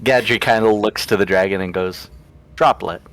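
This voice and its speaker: A man narrating his actions as a player, in a relaxed, casual way. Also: fairly low pitch, a little fast. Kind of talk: casual tabletop play.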